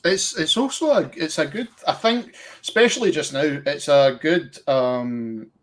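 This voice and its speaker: A man's voice: fairly high pitch, expressive, measured pace. A man with a Scottish accent, a podcast guest in casual chat, who talks hesitantly with many ums and restarts.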